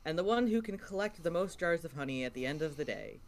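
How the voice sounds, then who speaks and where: Game master, animated voice, playful narration with fillers. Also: medium pitch, fast talker. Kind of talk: narrating a tabletop game setup.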